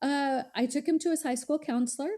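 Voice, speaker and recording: A middle-aged woman, a college strategist guest, telling a lively story in a podcast interview and acting out the dialogue. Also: sits high, fairly quick. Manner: animated, acts out dialogue in quoted voices.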